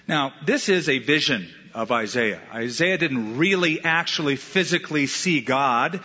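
A man delivers a sermon in a bright, slightly husky voice, casual and animated, often acting out quotes. The sound is a little dull, and a long reverb trails each phrase through the sanctuary. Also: medium pitch, unhurried, few pauses. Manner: conversational and animated, with playful asides and acted-out quotes. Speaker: pastor.

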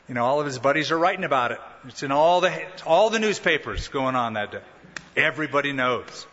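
Bright-voiced preacher man in a reverberant hall. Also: a little high. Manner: conversational teaching with rhetorical questions and humorous asides. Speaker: pastor. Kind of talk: sermon. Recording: dull lo-fi sound with long hall reverb.

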